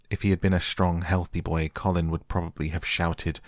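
A man narrates a bedtime audiobook in a slow, soothing way. His voice is very deep and gravelly, and it stays flat and even. The sound is dry and close to the mic. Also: no room sound. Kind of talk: soft bedtime audiobook reading.

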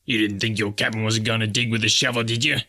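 A man voicing a shrill, domineering rat-faced mutineer captain in a spoken story. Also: little pitch movement, quick pace, sharp tone. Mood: bossy. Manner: shrieking, domineering.

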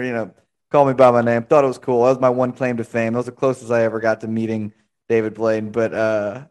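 A man's voice: mid-range voice, darkish tone. A young man hosting a podcast interview, chatting casually and rambling through stories. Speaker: podcast host.

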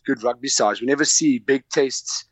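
A man from Namibia, a former rugby player chatting casually as a guest from a hotel room, relaxed and hesitant with many fillers. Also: medium pitch, normal speed, no room sound. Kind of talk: casual interview chat. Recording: dull lo-fi remote call.

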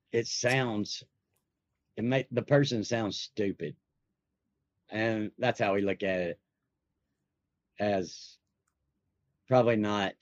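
Low-voiced guy for a casual podcast chat, loose rambling delivery, dry lo-fi sound. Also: a little mellow, no room sound. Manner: rambling, laid-back, trails off. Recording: dull lo-fi dry mic.

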